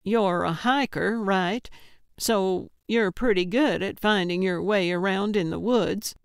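Gertrude: slow, deadpan old lady sleuth, sarcastic and stubborn, read by a woman narrator, smooth dry audiobook sound. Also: mid-range voice, no echo. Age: older.

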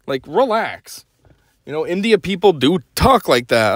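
A man's voice: a little high, big pitch swings, moderate pace, a bit bright, dry recording. A young man hosting a podcast, delivering a blunt, sarcastic opinion rant. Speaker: podcast host.

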